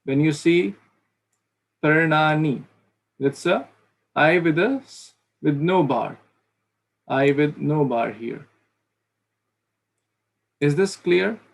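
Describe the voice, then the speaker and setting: A man's voice: fairly high pitch, takes it slowly, creaky, long pauses. A man teaching pronunciation in an online class, patiently repeating sounds to demonstrate them. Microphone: video call.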